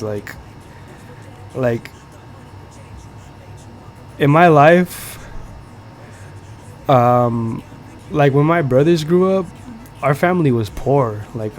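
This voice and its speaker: A young man from the United States hosting a podcast, telling a casual story in slangy, profane talk full of fillers. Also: medium pitch. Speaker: podcast host. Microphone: streaming setup.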